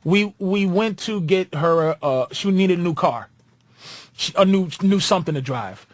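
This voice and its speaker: A man guesting on a radio talk show, telling a profane, animated story in casual banter. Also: high-pitched, unhurried, no echo. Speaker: comedian guest.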